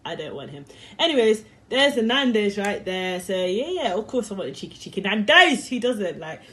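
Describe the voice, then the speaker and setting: A woman's voice: medium pitch, sing-song, moderate pace, fairly bright tone. A young woman telling a story to camera in a rambling, slangy, chatty way and laughing easily. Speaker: vlogger.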